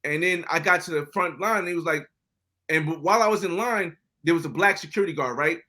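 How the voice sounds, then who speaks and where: An American man, a podcast guest, telling travel stories in a casual, animated way, often acting out other people's lines. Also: fairly high pitch, fast talker. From United States. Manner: animated, acts out quoted dialogue. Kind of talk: casual storytelling interview.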